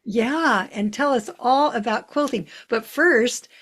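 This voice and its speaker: A woman's voice: fairly high pitch, slow, a bit bright. Upbeat older woman hosting a talk show. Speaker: podcast host. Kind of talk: casual interview chat.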